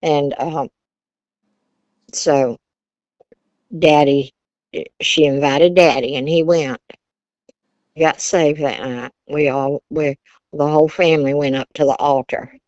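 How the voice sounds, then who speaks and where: An older woman with a low voice, a grandmother from Virginia telling stories about her childhood. She talks in a chatty, homespun way and laughs often. The sound is dry and a little dull. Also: steady tone, slow, long pauses, a little mellow, no room sound. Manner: chatty, laughs often, Southern turns of phrase. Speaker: interview guest, grandmother. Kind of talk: casual storytelling.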